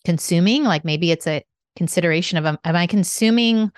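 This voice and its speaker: A woman's voice: lowish voice, brisk, dry recording, clean studio sound. A woman co-hosting a faith conversation, talking in a candid, reflective, questioning way. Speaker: co-host. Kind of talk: faith-based podcast conversation.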